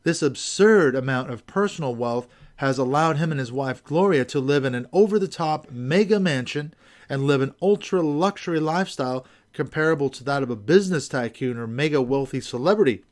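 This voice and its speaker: A man's voice: medium pitch, expressive, a little fast. A man hosting a podcast, reading scripted commentary with wry, skeptical asides. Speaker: podcast host.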